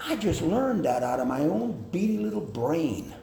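A man preaching a sermon on family life, slow and deliberate, with hesitant fillers. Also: on the high side, very animated, creaky, dark tone. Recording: echoey hall with faint noise.

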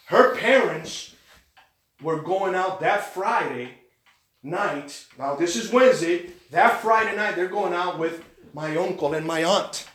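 Male preacher, high and bright, lively storytelling sermon, roomy echo. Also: slow pace. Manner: animated storytelling, acts out quoted voices. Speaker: pastor. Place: church.

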